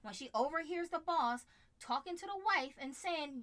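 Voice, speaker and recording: A woman co-hosting a casual live chat, animated and quick to act out other people's voices. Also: high voice. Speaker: co-host.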